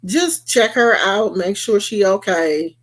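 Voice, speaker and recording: A woman putting on the voice of a weary police officer calming someone down. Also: medium pitch, slow. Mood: placating.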